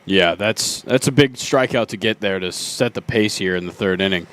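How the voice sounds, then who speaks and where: A man giving relaxed, chatty color commentary on a baseball broadcast. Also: lowish voice, normal speed. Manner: relaxed, easygoing, chuckles often. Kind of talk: casual sports commentary.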